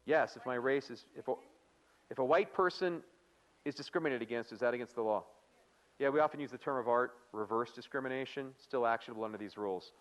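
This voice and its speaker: A man's voice: mid-range voice, lo-fi sound. A man giving a live workplace training lecture, chatty and playful, often quizzing the audience with questions. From United States. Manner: playful, acts out quoted remarks.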